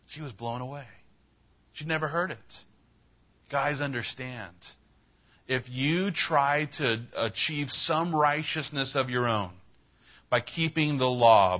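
A man's voice: medium pitch, muffled recording. A man preaching a sermon as pastor, telling a story in a conversational way and retelling dialogue with rising emphasis.

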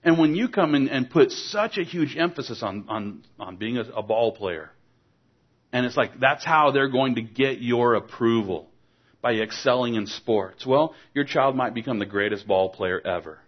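Male preacher, mid-pitched, earnest exhortation, rhetorical questions, slightly muffled lo-fi sound. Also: expressive, normal speed. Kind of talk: sermon. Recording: dull lo-fi recording.

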